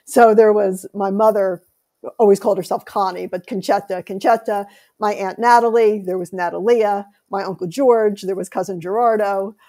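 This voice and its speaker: Middle-aged woman, interview guest, animated storyteller, gravelly texture. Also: medium pitch, normal speed. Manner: animated storytelling, laughs often. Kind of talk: conversational interview.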